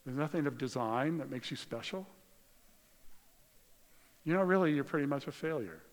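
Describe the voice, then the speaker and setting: A man voicing a deceiving spirit in a sermon, in a hushed, insinuating, mocking way. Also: fairly high pitch, animated, normal speed, in a large hall, close to an everyday voice. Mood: sly, hushed. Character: sly deceiving spirit whispering lies.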